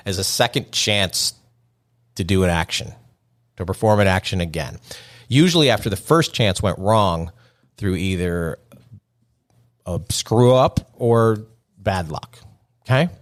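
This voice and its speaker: Animated, low-voiced male podcast host. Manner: joking, conversational, self-amused. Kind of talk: solo podcast monologue.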